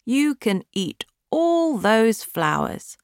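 A woman reading a kindly, generous duke from a storybook. He speaks slowly and courteously, his voice lifted a little, in an unhurried, friendly tone. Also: fairly high pitch, big pitch swings, dry recording, studio quality, pitched above the performer's own voice, exaggerated voice.

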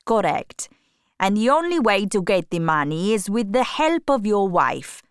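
A woman reading an audiobook voices a sly, scheming count, an older man, speaking quietly and deliberately. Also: medium pitch, very animated, clean tone, no echo, studio quality. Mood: calm scheming.

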